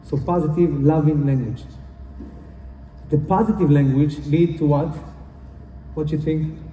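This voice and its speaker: A man's voice: fairly high pitch, fairly even intonation, measured pace, mellow, muffled recording, slight background noise. Earnest man speaking in a distant echoey hall. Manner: earnest, repetitive, non-native phrasing. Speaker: conference speaker. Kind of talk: motivational talk. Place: conference hall. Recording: roomy hall from far off.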